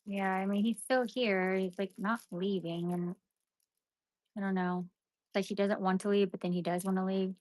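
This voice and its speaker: Young woman venting to her stream, lots of like and you know, mid pitch, dead dry sound. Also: steady tone, moderate pace, a little mellow, no echo. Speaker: live-stream seller. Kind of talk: casual rambling chat to viewers.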